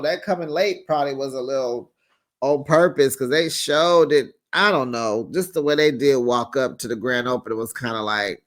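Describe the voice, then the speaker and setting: A man hosting a casual reality TV recap, telling the story in an animated, sassy way and acting out the quotes. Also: mid-range voice, normal speed. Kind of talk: casual gossip recap commentary.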